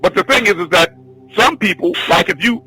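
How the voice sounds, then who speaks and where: A man teaching a spiritual class, telling a long personal story in an excited, rambling, repetitive way. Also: sits high, a little fast, over loud music, rough recording. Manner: excitable, repetitive, restarts often. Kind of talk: rambling spoken testimony.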